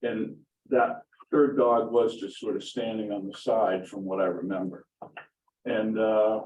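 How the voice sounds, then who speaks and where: A man's voice: fairly low pitch, steady tone, unhurried, darkish tone, a little hiss or hum. A middle-aged man giving public comment at a town board meeting, talking emphatically and with indignation, and repeating his points for stress. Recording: roomy distant meeting-room audio.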